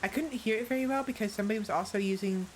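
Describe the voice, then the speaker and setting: A woman's voice: medium pitch, racing, background noise. Rambling woman chatting on a game stream. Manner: rambling, self-correcting, greets viewers by name. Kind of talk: casual live-stream gaming chat.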